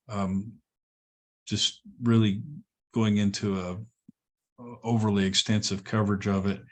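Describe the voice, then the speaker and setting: A man lecturing a college class, relaxed and explanatory, with frequent ums and checks like "all right?". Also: lowish voice. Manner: relaxed, repeats words, many ums and okays. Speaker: college instructor.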